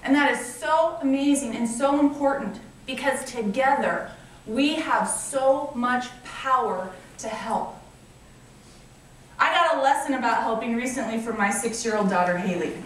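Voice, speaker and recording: A woman's voice: fairly high pitch, a little slow, recorded from a distance, a little hiss or hum. A woman in her thirties, a nonprofit founder, giving an enthusiastic, grateful fundraiser speech with personal stories, recorded in a large convention hall. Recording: echoey hall picked up from afar.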